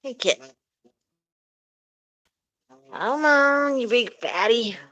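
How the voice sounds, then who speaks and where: A woman's voice: a little high, expressive, very slow, sharp tone, dull audio. A woman vlogger chatting casually while outdoors by an animal coop at night, coaxing and fondly talking to her animals. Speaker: pet owner vlogger. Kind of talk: casual chat while doing evening chores.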